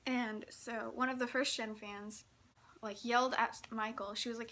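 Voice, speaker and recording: A woman's voice: fairly high pitch, fairly even intonation, moderate pace, fairly bright tone. A young woman from Texas telling a story in a chatty vlog, giggling often and saying "like" a lot. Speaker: vlogger.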